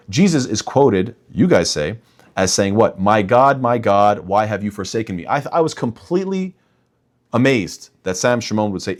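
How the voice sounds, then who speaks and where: A young man talking straight to his listeners in an emphatic religious rebuttal, often calling them "guys". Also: fairly low pitch. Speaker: imam and apologetics speaker.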